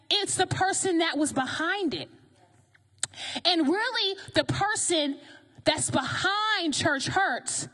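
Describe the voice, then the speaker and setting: A woman preaching a sermon in a lively, conversational way, often asking the congregation questions. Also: very high voice.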